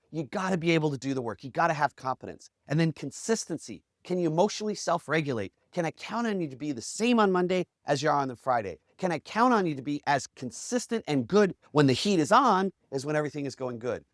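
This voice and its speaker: A man hosting a podcast, telling a story in a lively motivational way and acting out the quotes in character voices. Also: a little high, fast talker, few pauses, dry recording, clean studio sound. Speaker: podcast host.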